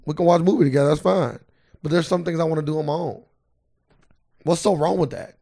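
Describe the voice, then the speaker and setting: Gravelly-voiced man telling a story. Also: fairly high pitch, quick pace. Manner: animated storyteller, swears freely, breaks into laughter. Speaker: podcast co-host. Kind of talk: casual podcast banter.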